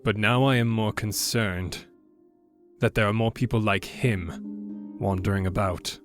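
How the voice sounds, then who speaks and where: A man speaks in character at a tabletop game, steady, measured and formal. His voice sits a little low, and faint music plays behind him. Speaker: player.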